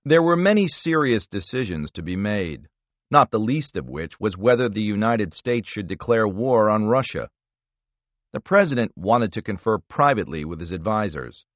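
A man narrating a thriller audiobook in a measured, expressive storytelling manner. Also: lowish voice, no room sound.

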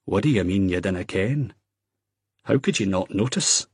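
A man's voice: deep voice, expressive, moderate pace, husky, no room sound, clean studio sound, exaggerated voice. A man voicing a brash young Scottish man who talks bluntly and teasingly, with a Scottish accent. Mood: prying.

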